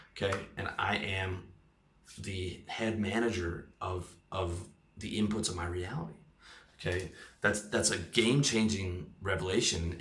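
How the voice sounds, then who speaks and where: Male sales coach, lowish bright voice, emphatic, keeps asking "okay?", echoey room. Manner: emphatic, repeats "okay?" and "right?" to press points. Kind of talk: motivational monologue.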